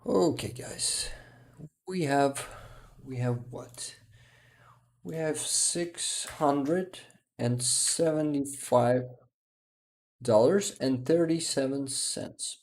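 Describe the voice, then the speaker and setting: A tired man hosts a casual livestream, answering chat in a slow, unhurried way. His voice is dark and gravelly, and his talk is halting, full of restarts and soft chuckles. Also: medium pitch. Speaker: livestream host. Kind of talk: casual livestream chat, reading viewer comments.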